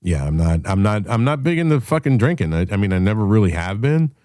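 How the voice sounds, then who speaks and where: Man, host, casual call-in chat, low voice, swears freely. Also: very animated, fast talker, warm tone, no echo, clean studio sound. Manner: blunt, profane storytelling. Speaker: show host.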